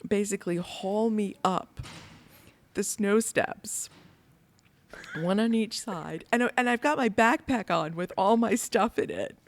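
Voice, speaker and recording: Animated American woman telling a story. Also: fairly low pitch, no echo. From United States. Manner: animated, laughs through the story. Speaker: podcast co-host. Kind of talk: casual storytelling chat.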